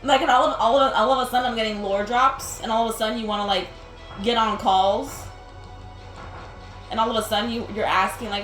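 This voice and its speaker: A young woman hosts a gaming video, chatting and laughing as she plays and saying "like" a lot in her rambling talk. Her fairly high voice is steady, a little fast and a bit bright, in a roomy recording with game music behind.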